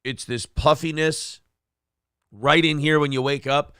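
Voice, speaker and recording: A man runs a casual live-stream morning show, joking and rambling as he reads viewer comments aloud. His voice sits a little high and comes through smooth and resonant. The sound is dry and close, with no room echo. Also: fairly even intonation, a little slow, bright, forceful tone. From Minnesota. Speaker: show host.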